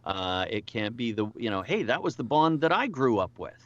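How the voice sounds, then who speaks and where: A man's voice: mid-range voice, big pitch swings, moderate pace, a bit bright, no echo, dull audio. A middle-aged man, a voice actor, chatting casually as an interview guest, with lots of restarts and self-deprecating asides.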